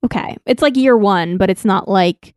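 Young woman podcaster, native spanish speaker, loose and chatty, mellow voice, dry room. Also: mid-range voice, normal speed, clean tone, dry recording. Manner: laughs often, loose and chatty. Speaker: podcast co-host. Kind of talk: casual chat, reading listener emails.

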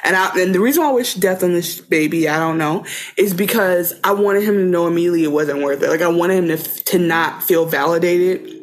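A woman's voice: lowish voice, fairly quick. A woman co-hosting a podcast in casual chat, animatedly acting out scenes in playful voices. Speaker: podcast co-host.

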